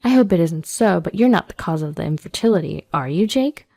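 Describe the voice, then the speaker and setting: A woman's voice: lowish voice, expressive, a little fast, creaky, dark tone, faint music behind. A woman voicing a composed young woman who questions politely but pointedly. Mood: probing.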